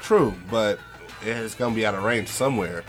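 Low-voiced laid-back male podcast co-host. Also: normal speed, faint music behind. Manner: laid-back, laughs easily, trails off mid-thought. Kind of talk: casual podcast banter.

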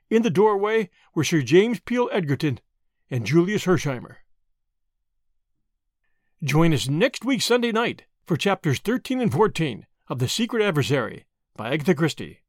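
A man reading a story aloud as the host of a podcast of readings. His voice is slightly high and moves with lively expression. The recording is close and dry, with no room sound. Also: no room sound. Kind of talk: audiobook narration.

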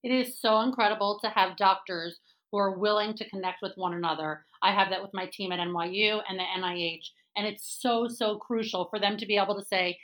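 Woman host, mid-pitched, supportive, asks questions. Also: steady tone, fairly quick, a bit bright. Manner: supportive, affirming interviewer. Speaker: podcast host. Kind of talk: interviewing.

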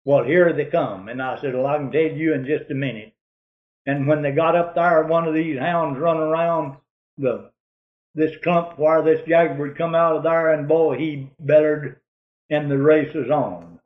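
A man's voice: a little high, unhurried, roomy sound, narrow, tinny audio. A man telling a rambling, folksy hunting story in a drawling way.

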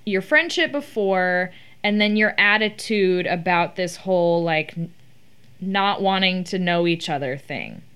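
A woman's voice: lowish voice, unhurried, fairly bright tone, clear, resonant tone. A woman hosting a casual interview who asks chatty follow-up questions.

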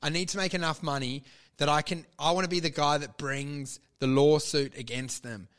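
A man co-hosting a podcast, telling animated stories with lots of laughter, swearing and mimicry. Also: a little high, moderate pace, smooth. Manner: animated storyteller, laughs often, mimics his old boss; swears freely, casual slang. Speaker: podcast co-host. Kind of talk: casual chat.

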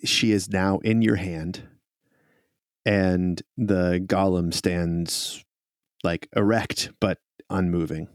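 A man's voice: sits low, steady tone, slow, no echo, studio quality. A man narrating as game master in a casual, plain manner.

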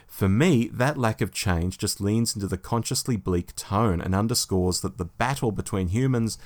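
A man co-hosting a podcast, chatting casually and reading listener emails aloud with lively, animated delivery. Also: on the low side, moderate pace. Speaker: podcast co-host.

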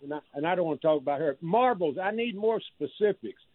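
A man calling in to a radio show, cracking wry deadpan jokes. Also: fairly high pitch, quick pace, no echo. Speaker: caller. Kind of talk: phone-in chat. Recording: dull phone line.

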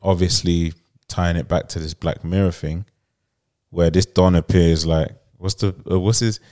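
A man's voice: low voice, fairly even intonation, moderate pace, darkish tone. A man, co-hosting a podcast, casually retelling a plot with lots of fillers and laughter. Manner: rambling, many fillers, laughs while telling. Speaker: podcast co-host.

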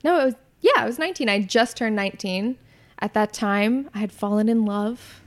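A woman's voice: medium pitch, moderate pace, darkish tone. A Canadian woman in her late twenties, chatting casually and giggly as a podcast guest, full of likes and self-deprecating asides. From Canada, near Toronto. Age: late 20s. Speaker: guest, content creator.

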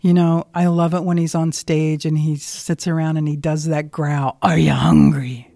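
A woman's voice: deep voice, monotone, moderate pace, mellow, no echo, clean studio sound. A woman giving a motivational talk, telling a workplace story in a conversational way and asking listeners direct questions. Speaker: motivational speaker.

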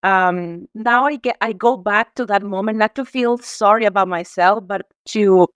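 Heartfelt woman from Mexico, tearful, lots of restarts, smooth clear voice, mid pitch, dry room. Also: normal speed, dry recording. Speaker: guest. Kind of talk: emotional conversational interview.

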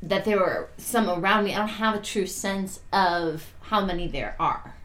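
A woman playing in a tabletop game, animated and giggly, often shouting her character's lines. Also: mid-range voice, moderate pace, a little hiss or hum. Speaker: player.

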